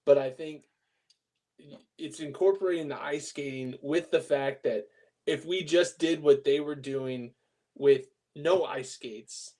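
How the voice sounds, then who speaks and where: Man calmly explaining in casual chat. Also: fairly high pitch. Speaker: podcast co-host.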